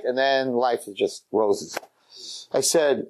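A man giving a rabbi's lecture in a synagogue, telling a story with lively, animated delivery. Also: mid-range voice, normal speed. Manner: animated, acts out every character.

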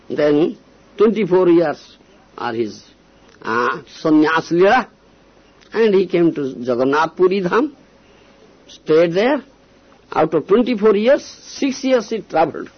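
Man, husky lively voice, devotional lecture, dull lo-fi recording. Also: a little high. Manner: emphatic, repeatedly checks the listener understands. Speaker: spiritual teacher.

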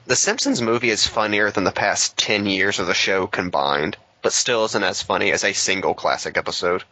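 A man's voice: on the low side, expressive, moderate pace, bright, forceful tone, no room sound. A man co-hosting a casual podcast chat, making dry, wry quips. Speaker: podcast co-host.

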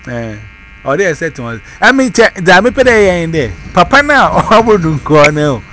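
Animated man telling a story. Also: high voice, moderate pace, a little hiss or hum. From Ghana. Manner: animated storytelling, switching between Twi and English. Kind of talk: casual chat.

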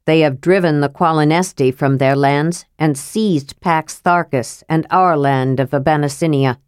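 A woman voicing a calm, serious male half-elf leader from a storybook, speaking in a measured, earnest way. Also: deep voice, clean tone, no room sound, clean studio sound.

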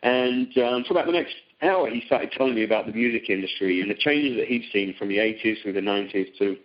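A man in middle age talks through a phone seminar in a relaxed, conversational way. His voice sits fairly low and he stumbles often, filling gaps with ums and restarting phrases. The call audio is dull and lo-fi. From Britain. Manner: halting, many ums and restarts. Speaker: teleseminar guest.

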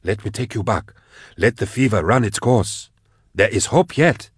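A man voicing a gentle, calm male hospice carer in robes, speaking softly and soothingly in an audiobook reading. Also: on the low side, moderate pace, slightly rough, no echo, clean studio sound. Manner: soft-spoken, calm, soothing.

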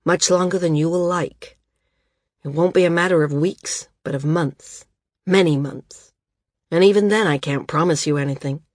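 A woman voicing a gentle male island healer who speaks in a calm, measured way, with a husky voice. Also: low-pitched, no room sound, studio quality. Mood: grave. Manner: calm, measured and bitter at times.

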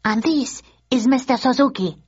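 A polite, brisk Japanese woman guide who talks in a raised, husky voice, put on by a woman narrator. She keeps it matter-of-fact and plain. The audiobook sound is dull and lo-fi. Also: high-pitched, pitched above the performer's own voice.

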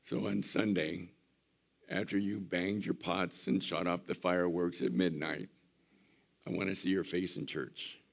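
A man in his seventies, a pastor preaching a folksy, storytelling sermon with a hoarse, recovering voice. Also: low-pitched, unhurried. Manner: folksy storytelling, animated when mimicking. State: hoarse, recovering voice after surgery.

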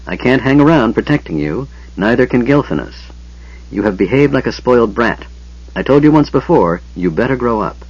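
A man's voice: mid-range voice, animated, fairly quick, husky. A man voicing a stern male half-elf warrior leader who speaks firmly and snaps when irritated. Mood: tense. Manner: firm, snappish, commanding. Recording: dull lo-fi sound.

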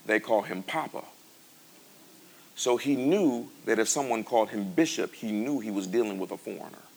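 A pastor from the United States tells a story in a sermon, his voice low and gravelly. He often breaks into high, loud bursts of excitement before settling back down. The telling is animated and conversational, addressed to a congregation. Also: normal speed.

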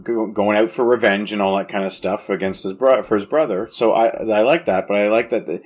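A man's voice: lowish voice, brisk. A man chatting casually about a movie, enthusiastic and often restarting his sentences.

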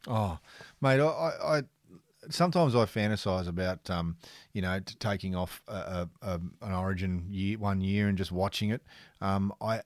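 Australian male co-host, easygoing and matey, lower voice, close dry sound. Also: moderate pace, no echo. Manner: laid-back, matey, rambling. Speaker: sports photographer and podcast co-host. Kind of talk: casual podcast chat.

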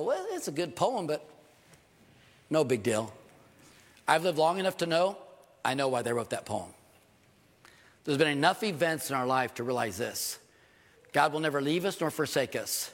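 A man's voice: on the high side, fairly quick, fairly bright tone. An older man preaching a sermon as pastor in church, earnest and emphatic, repeating key phrases. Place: church sanctuary. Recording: long hall reverb.

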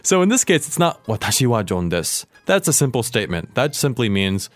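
A man's voice: mid-range voice, sing-song, a little fast, no room sound. A man hosting a podcast language lesson, patiently explaining a dialogue step by step. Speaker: language teacher host.

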